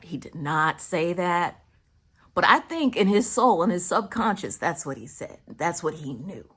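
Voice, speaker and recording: A woman's voice: lowish voice, animated, normal speed, fairly bright tone, breathy edge. A woman telling a personal story in a casual, reflective way, often dropping into whispers for emphasis. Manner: reflective, spiritual musing.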